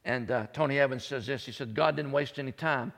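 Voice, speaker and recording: A man preaching a sermon, building up to loud high-pitched peaks when he stresses a point. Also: fairly quick, gravelly, big-room sound. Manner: preaching, climbing into high shouted peaks for emphasis. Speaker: pastor.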